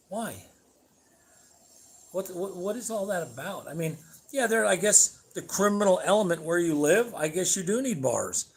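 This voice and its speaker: A man's voice: high-pitched, animated, measured pace, creaky, pauses often, slightly rough. Blunt, rambling man on a livestream. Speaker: livestream host. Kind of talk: casual livestream chat. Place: at home.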